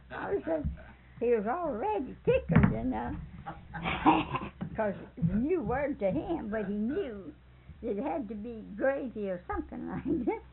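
A woman's voice: on the high side, sing-song, measured pace, gravelly. An older woman, telling a family story in a rambling, folksy way and often chuckling. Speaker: interviewee. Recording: tinny phone-like recording with faint hiss.

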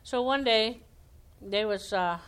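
A woman's voice: on the high side, takes it slowly, a bit bright, smooth. A woman telling animal folktales aloud in a homespun, conversational way, acting out the characters' lines. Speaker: storyteller.

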